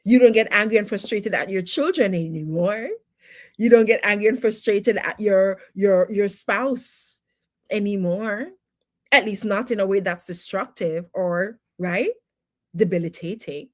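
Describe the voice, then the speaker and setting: A woman's voice: medium pitch, a little slow. A woman teaching personal development on a livestream, emphatic and full of rhetorical questions, with faith-based encouragement.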